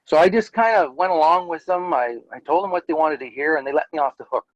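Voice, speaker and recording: A man's voice: on the high side, fast talker, dry recording, muffled recording. A middle-aged man, candidly telling his personal story as an interview guest, with frequent fillers.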